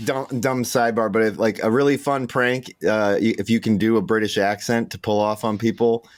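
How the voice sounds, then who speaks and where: A man in casual podcast chat, animated and swearing casually. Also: lowish voice, a little fast, dry recording.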